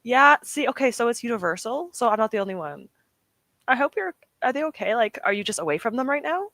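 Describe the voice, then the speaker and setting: A woman's voice: a little high, sing-song, fast, fairly bright tone, no echo. Chatty woman hosting a livestream. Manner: chatty, self-deprecating, reads and answers chat. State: emotional, near tears; sore throat. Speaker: livestream host. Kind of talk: casual livestream chat.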